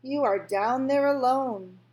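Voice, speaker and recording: Mocking night stars, cold taunting voice, slow, a woman reading aloud. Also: sits high, darkish tone, voice pushed up, poor audio.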